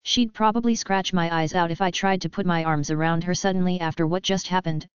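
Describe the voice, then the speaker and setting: A woman's voice: fairly low pitch, fairly even intonation, a little fast, clean tone, no room sound, dull audio, lightly acted. A woman voicing a snappy, mocking young man who teases his brothers. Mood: hurt. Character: teasing, quick-tempered young man, a brother.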